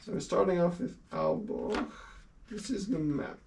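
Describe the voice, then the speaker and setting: A man's voice: high-pitched, huge pitch swings, measured pace, gravelly, darkish tone, distant mic. Young native-Dutch male streamer, casual and giggly, set back from the mic with faint hiss. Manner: chatty and laughing often, with casual swearing. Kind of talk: casual chat while sorting a collection.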